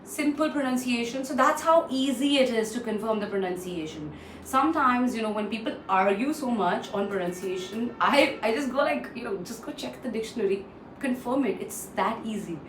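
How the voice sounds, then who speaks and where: A woman's voice: a little high, animated, moderate pace, recorded from a distance. A woman giving an online pronunciation lesson. She explains and repeats each word for drill, with frequent "uh" fillers. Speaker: English pronunciation trainer. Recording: roomy echo, off-mic, faint noise.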